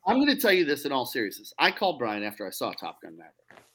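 Emphatic, animated male podcast host. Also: medium pitch, fast. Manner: emphatic, insistent opinions. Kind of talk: casual chat.

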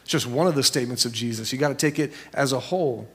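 A man preaching a sermon as a pastor, conversational and storytelling, jumping into high voices when he quotes people. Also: quick pace, creaky, fairly bright tone, slightly rough.

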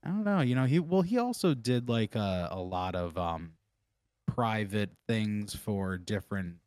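A man co-hosting a podcast, telling animated, profane stories in casual chat. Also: fairly low pitch, unhurried, dry recording, clean studio sound. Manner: animated, swears a lot. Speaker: podcast co-host.

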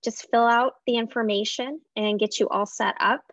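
A woman's voice: on the high side, steady tone, normal speed, fairly bright tone, no room sound. A woman who is an entrepreneur and a guest in an interview, speaking in an upbeat way with many fillers. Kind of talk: casual interview chat. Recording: dry, dull lo-fi sound.

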